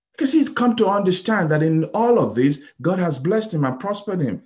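A man from Nigeria preaching a sermon, telling a story with sudden loud exclaims and soft pleading passages. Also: high voice, expressive, moderate pace.

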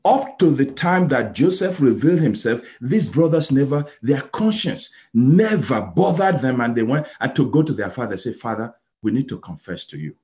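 A man from Nigeria preaching a sermon, telling a story with sudden loud exclaims and soft pleading passages. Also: medium pitch, big pitch swings, moderate pace, hardly any pauses.

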